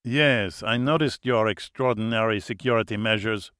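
A man's voice: medium pitch, animated, moderate pace, a bit bright, no echo, studio quality, natural voice. A man voicing a cold, contemptuous French crime boss with a French accent and a sneering, mocking manner.

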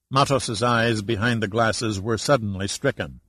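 A man's voice: on the low side, no room sound, low-quality recording. Man reading an audiobook, dry and close. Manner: even, measured reading. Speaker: audiobook narrator. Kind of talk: scripted narration.

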